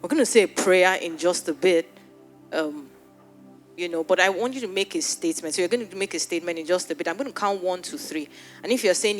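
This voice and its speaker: In a church hall before a live audience, a woman pastor leads an altar call and prayer, pleading earnestly and often repeating her words. Her fairly low voice moves a little fast over soft background music.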